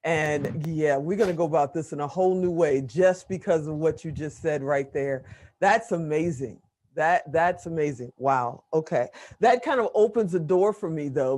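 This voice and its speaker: A woman's voice: sits low, normal speed, a little mellow. An older woman co-hosting an interview, enthusiastic and affirming toward her guest. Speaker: podcast co-host.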